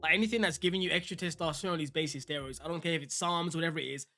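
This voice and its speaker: A man's voice: on the high side, steady tone, very fast, pushed and bright, faint music behind. A man giving casual, opinionated reaction commentary on a fitness vlog, speaking straight to his viewers. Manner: chatty, opinionated, addresses viewers directly. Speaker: fitness vlogger reacting to a clip.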